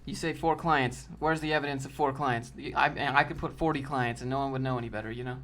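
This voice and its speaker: A man's voice: mid-range voice, steady tone, fast, fairly bright tone. A man hosting a casual livestream, answering chat in a loose, slangy way and calling people dude and bro.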